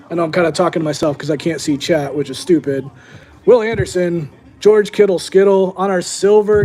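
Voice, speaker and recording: A man's voice: high-pitched, a little mellow. A young man hosting a live-streamed sports card break, chatting casually to his viewers as he opens packs.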